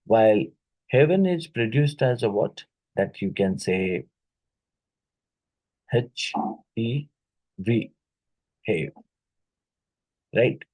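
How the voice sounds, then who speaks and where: A man teaching an exam-prep lesson, reading each question twice and pausing with fillers and "right?" tag questions. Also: lowish voice, animated, darkish tone, breathy edge, poor audio. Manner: halting, with many fillers and "right?" tags; repeats each question aloud.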